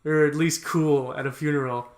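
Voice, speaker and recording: A man's voice: on the high side, fairly even intonation, normal speed. A man co-hosting a movie podcast, joking around in casual chat. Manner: jokey, laughs often. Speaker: podcast co-host.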